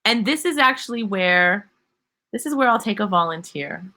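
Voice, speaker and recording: A woman leads a live online singing lesson in a bright, clear voice. She keeps things upbeat, laughs often and breaks into sung demonstration notes as she explains. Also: medium pitch, expressive, normal speed. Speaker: singing teacher.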